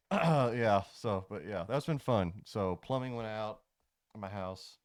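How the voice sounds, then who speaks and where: Man, 30s, lowish voice, deadpan jokester at the game table. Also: takes it slowly. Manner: joking, deadpan teasing. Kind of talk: casual chat.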